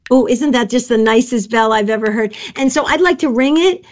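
Excitable high-voiced woman radio host. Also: a little fast, dull audio. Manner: excitable, chatty, self-mocking. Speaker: radio pledge drive host. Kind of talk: live radio fundraising chat.

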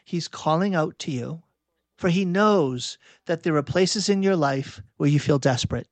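A man preaching a sermon, reflective and halting, often restarting and correcting himself mid-sentence. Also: fairly high pitch, no echo.

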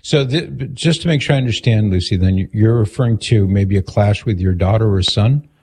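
A man hosting a radio call-in show, asking calm, measured questions and summing up what he hears. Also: lowish voice, breathy edge. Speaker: radio host.

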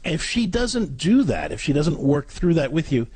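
A man's voice: a little high, very animated, moderate pace, slightly rough, dry recording. A man co-hosting a parenting advice radio show, coaching callers step by step in an earnest way. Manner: earnest, coaching, acts out gentle parent scripts.

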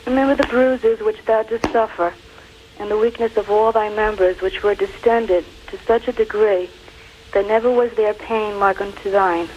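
A woman calling in to a religious show, reciting a formal prayer in a devout, earnest, measured way. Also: on the high side, a little mellow, highs cut off, slight background noise. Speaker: caller.

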